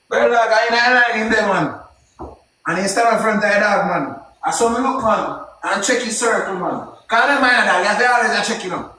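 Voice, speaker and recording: A young man with a Jamaican accent telling a story casually, in a heavy patois with shouted exclamations. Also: high-pitched, fairly quick, reverberant, slight background noise. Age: young adult.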